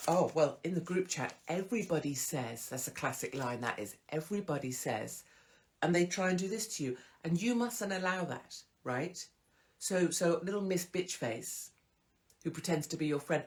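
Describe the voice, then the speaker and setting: A woman's voice: sits low, animated, moderate pace. A woman in her forties hosts a show and gives advice in a casual monologue. She talks frankly, swears freely and mimics other people. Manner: frank and chatty, with swearing and mock voices of others. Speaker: host.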